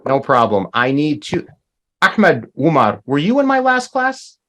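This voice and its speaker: A man's voice: fairly high pitch, wildly swooping pitch, a little slow, a bit bright. A man teaching a language class over a video call, explaining patiently and checking in with "right?".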